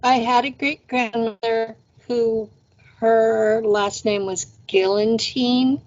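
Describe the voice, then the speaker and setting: A woman's voice: fairly high pitch, fairly even intonation, takes it slowly, darkish tone. A woman hosting a podcast, chatting casually and thoughtfully. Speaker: podcast host. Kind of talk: casual chat. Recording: dull lo-fi audio.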